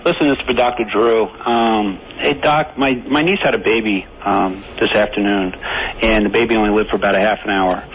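A man's voice: fairly low pitch, steady tone, fairly quick, dull audio, a little hiss or hum. A man calling in to a radio show with a question, speaking hesitantly. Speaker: caller.

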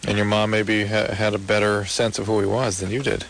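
Gravelly low male radio advice host. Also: little pitch movement, a bit bright, slight background noise, low-quality recording. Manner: measured, direct advice.

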